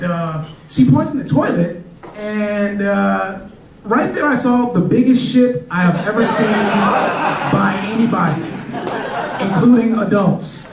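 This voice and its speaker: Stand-up comic on an echoey club stage. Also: male voice, sits high, a little hiss or hum. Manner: casual, conversational, loose storytelling. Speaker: stand-up comedian. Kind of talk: stand-up comedy set. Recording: echoey club, distant mic, crowd. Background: audience laughter.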